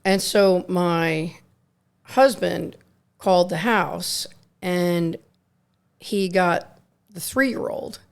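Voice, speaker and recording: A woman's voice: on the low side, drawn-out words, vocal fry, pauses often, clean tone. A middle-aged woman, a nurse co-hosting a podcast, telling rambling anecdotes in casual chat and acting out quotes.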